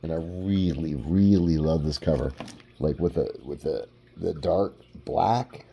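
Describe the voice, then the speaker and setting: A man hosting a casual collection vlog, relaxed and rambling, with lots of "like". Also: very deep voice, measured pace, creaky, husky, muffled recording. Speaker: comic book collector.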